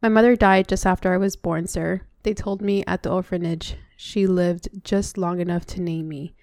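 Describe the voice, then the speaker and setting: A woman's voice: on the low side, fairly even intonation, a little mellow, no echo, clean studio sound, close to an everyday voice. A woman reading aloud as a guarded teenage schoolboy who answers politely and evasively. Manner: polite, quick denials.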